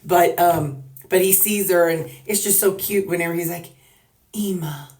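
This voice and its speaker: A weight-loss vlogger from Missouri talks casually to her followers on camera, her Southern US accent folksy as she jokes and rambles. Her voice sits lowish with a darkish tone and moderate pace, and the echoey room is recorded from afar.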